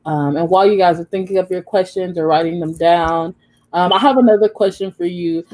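A woman's voice: fairly low pitch, a little fast. Bubbly young woman moderating. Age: young adult. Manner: bubbly, youthful slang, animated storytelling. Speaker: session moderator. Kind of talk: casual virtual talk.

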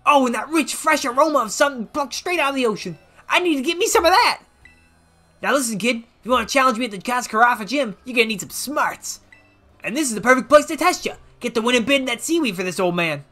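A rowdy old man of a gym leader bellows his lines in a thick Southern drawl, voiced by a gamer reading a video game aloud. The pitch leaps all over the place and the tone is bright and sharp. Faint game music plays underneath. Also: expressive, quick pace. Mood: boisterous. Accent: American Southern (put on). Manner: boisterous, drawling, exclamatory.

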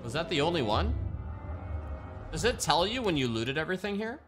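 A man's voice: fairly high pitch, very animated, fairly quick. Profane, offhand streamer man. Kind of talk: casual gameplay commentary. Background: game music.

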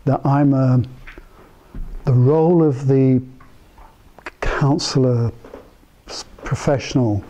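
An older man giving an informal talk to a small group of therapists, telling anecdotes in a conversational way and thinking aloud with pauses and restarts. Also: mid-range voice, mellow, poor audio. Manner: conversational, anecdotal storyteller who mimics the people in his stories. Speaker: speaker addressing psychotherapists. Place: meeting room with a small live audience.

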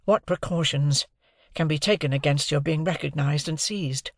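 A man voicing a fearful, strained young gentleman who asks tense, pleading questions. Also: on the high side, moderate pace, no echo, studio quality, close to an everyday voice. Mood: anxious.

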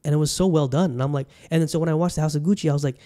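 A man's voice: on the high side, steady tone, rapid-fire, mellow. A man hosting his own podcast, chatting casually and rambling, often restarting his sentences as he talks straight to his listeners. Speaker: podcast host. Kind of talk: casual solo podcast chat. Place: Bangkok.

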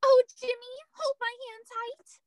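A woman's voice: very high voice, level tone, measured pace, a little mellow, no room sound. A woman playing Judy, an eager little girl. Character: Judy, an excited young girl. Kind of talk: high school stage play.

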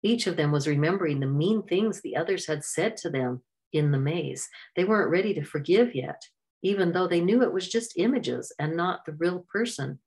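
A woman narrating a children's adventure storybook in a steady, clear reading voice. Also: lowish voice, normal speed.

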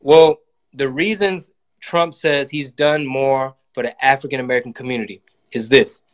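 A man's voice: medium pitch, steady tone, moderate pace. A man giving a casual, profane political monologue and acting out quotes in voices. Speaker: comedian and channel host.

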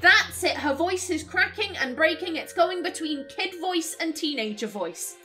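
A woman's voice: very high-pitched, animated, moderate pace, pushed and bright, faint music behind. A woman casually commenting while playing a video game, with chatty, amused asides. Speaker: let's play host.

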